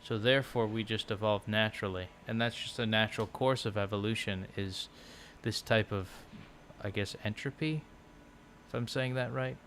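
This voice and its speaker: A man vlogging from a low couch at home into his laptop, musing aloud in a loose, rambling way full of "like" and restarts. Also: moderate pace, a bit bright, a little hiss or hum. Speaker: language-learning vlogger. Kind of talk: casual rambling chat. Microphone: laptop microphone.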